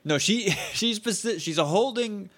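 A man's voice: high-pitched, lively intonation, unhurried, a bit bright. A young man co-hosting a podcast, chatting casually about a TV episode with wry, slightly pedantic remarks and frequent laughs. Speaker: podcast co-host. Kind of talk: casual chat recapping a TV episode.

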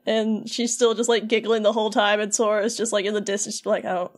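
A woman co-hosting a podcast, recapping a video game in lively casual storytelling full of "like". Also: mid-range voice, fairly quick. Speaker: podcast co-host.

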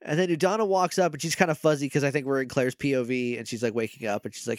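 A man's voice: medium pitch, steady tone, quick pace, few pauses, dry recording, studio quality. A man co-hosting a podcast, chatting casually as he retells scenes with quoted voices and laughter. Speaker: podcast co-host. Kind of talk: casual recap chat.

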